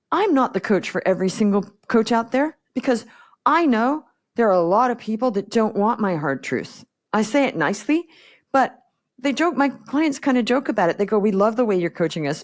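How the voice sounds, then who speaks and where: A woman business coach speaking bluntly and directly as a podcast guest, acting out the exchanges she quotes. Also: mid-range voice. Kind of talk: podcast interview conversation.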